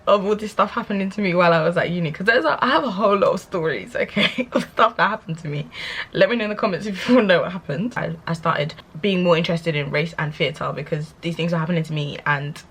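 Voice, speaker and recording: Sassy young woman, husky. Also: fairly low pitch. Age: young adult. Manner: sassy and animated, laughing often. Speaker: vlogger. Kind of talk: candid rant to camera.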